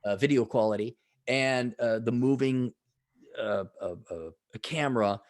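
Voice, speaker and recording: A middle-aged man talks from home into his own microphone, the sound close and dry with no room around it. His pitch is ordinary for a man, and he speaks in a measured way, pausing on filler sounds. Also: no echo. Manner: measured, with frequent filler hesitations. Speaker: podcast guest. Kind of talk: casual chat. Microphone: own microphone over video call.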